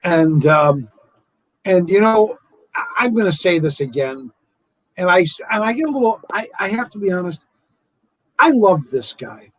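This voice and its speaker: A man's voice: high voice, sing-song, normal speed, pauses often, no room sound, rough recording. A man hosting an interview, speaking earnestly and affectionately to his guest. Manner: warm, earnest and emotional about his guest. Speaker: host.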